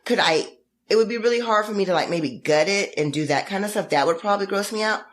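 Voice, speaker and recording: A woman co-hosting a podcast, chatting casually and giving opinions with animated retellings. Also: mid-range voice, fast talker. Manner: animated, opinionated, acts out quotes in dramatic voices. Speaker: podcast co-host. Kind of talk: casual chat.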